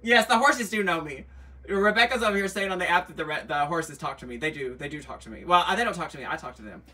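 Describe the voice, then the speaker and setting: Selling luxury bags live from a shop room indoors, a middle-aged man chats fast in a fairly high voice, camp and sassy, tossing out asides, teasing viewers and reading their comments. His voice is picked up from a distance.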